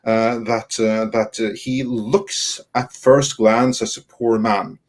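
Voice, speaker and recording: A man's voice: mid-range voice, flat delivery, slow. A man from Norway, hosting a casual film roundtable and talking with frequent fillers and restarts. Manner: hesitant, many fillers and restarts. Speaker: host.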